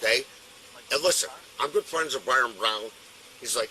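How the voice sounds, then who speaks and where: A man's voice: mid-range voice, moderate pace, bright, forceful tone, slight background noise, poor audio. An older man, arguing in the street, agitated and swearing, recorded on a police body camera outdoors. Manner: agitated, swears often, talks over others. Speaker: arrested woman's husband. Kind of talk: heated street argument.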